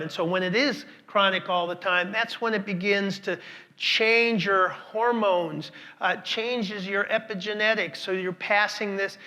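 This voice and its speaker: A man's voice: high-pitched, sharp tone. A man speaking at a conference, telling stories and repeating words for emphasis while questioning the audience. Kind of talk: conference talk.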